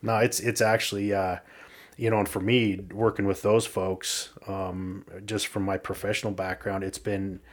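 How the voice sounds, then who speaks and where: Low-voiced, meandering man on a podcast. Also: little pitch movement, moderate pace. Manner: meandering, trailing off, with fillers. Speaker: podcast guest, group counselor. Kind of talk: casual podcast conversation.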